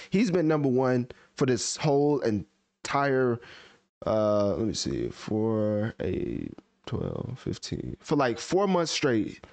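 A man's voice: medium pitch, darkish tone, no room sound. Talkative man breaking down chart numbers. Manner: talkative, opinionated, reasons through chart numbers aloud. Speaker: music review podcast host. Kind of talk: casual album review chat.

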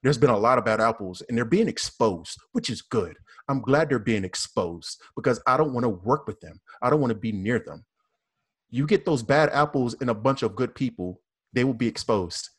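A man's voice: mid-range voice, lively intonation, slightly rough. Earnest man, police officer guest. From American South. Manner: earnest, repetitive, halting restarts. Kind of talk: panel discussion.

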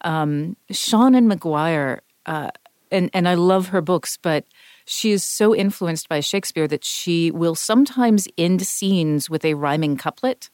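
Low-voiced woman explaining craft. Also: measured pace, darkish tone, no echo, studio quality. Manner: thoughtful, explains with worked examples. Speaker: podcast co-host and voice actor. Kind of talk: casual podcast discussion.

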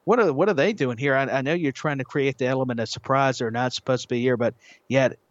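A man's voice: mid-range voice, quick pace, dry recording. A man co-hosting a wrestling podcast in casual chat, often restarting and repeating his words. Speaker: podcast co-host. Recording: dull lo-fi audio.

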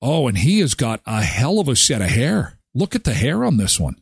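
A man hosting a morning show, chatting in a jokey, animated way and talking to his dog. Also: medium pitch, moderate pace, vocal fry, husky, no echo, clean studio sound. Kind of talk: casual chat.

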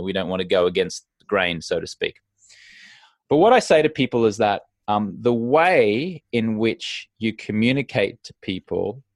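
A man's voice: fairly low pitch, no room sound. A man coaching on sobriety in a podcast conversation. He talks emphatically, repeats his key points and acts out little party scenes. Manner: animated, acts out little scenes in other voices.

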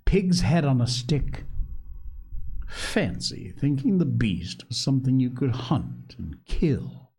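A man's voice: medium pitch, very animated, slow, darkish tone, husky, voice pushed up, heavily acted. A man voicing a menacing talking pig's head that mocks a boy in a condescending, schoolmasterly way, read as an audiobook. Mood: mocking. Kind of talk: audiobook reading.

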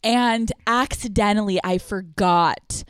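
A woman's voice: medium pitch, slow, clear, resonant tone, no room sound. A young woman co-hosting a podcast, telling candid stories in casual chat, acting out voices and swearing freely. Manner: animated storyteller, mimics voices, swears freely. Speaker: podcast co-host. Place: small room, no producer. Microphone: studio microphone.

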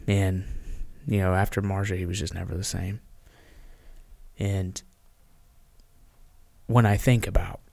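A man speaking as a podcast guest, earnest and halting, often restarting his sentences, and sounding tired. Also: low voice, level tone, creaky, darkish tone. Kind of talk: candid conversation.

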